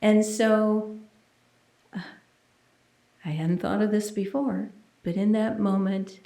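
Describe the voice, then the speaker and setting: A woman minister preaches unhurriedly, sharing a personal testimony in an earnest, intimate manner. Her middle-pitched voice keeps a fairly even intonation and sometimes drops to a hushed near-whisper. The sound is roomy and echoey, like a church sanctuary.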